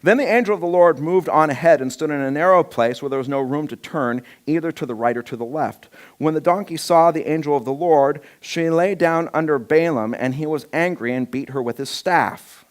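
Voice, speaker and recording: A man's voice: fairly high pitch, brisk. A male pastor preaching a sermon, telling a Bible story with humor and acting out the scenes.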